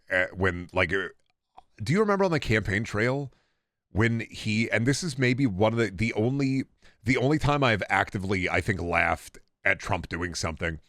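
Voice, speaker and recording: A man's voice: medium pitch, a bit bright, no echo, clean studio sound. A man streaming a video game, chatting casually and rambling with jokes. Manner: rambling, joking, restarts mid-thought. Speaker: gaming streamer. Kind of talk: casual commentary while gaming.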